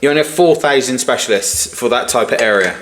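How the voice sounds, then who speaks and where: A man co-hosting a podcast, chiming in with quick indignant remarks. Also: mid-range voice, a bit bright. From United Kingdom. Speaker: podcast co-host. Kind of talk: casual political chat.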